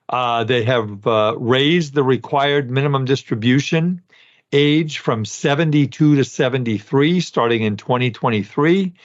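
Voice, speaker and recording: A man in his sixties hosts a podcast in a folksy, rambling voice, talking straight to his listeners. His voice sits at a middling pitch. The audio is dull and lo-fi. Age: 60s. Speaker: podcast host. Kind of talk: casual podcast talk.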